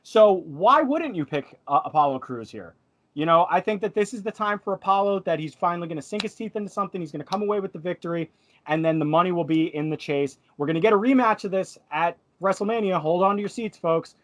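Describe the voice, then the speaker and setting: Eager male panelist, high-pitched, opinionated and chatty. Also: expressive, fast talker. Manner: enthusiastic and opinionated. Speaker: wrestling podcast panelist. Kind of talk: casual panel chat.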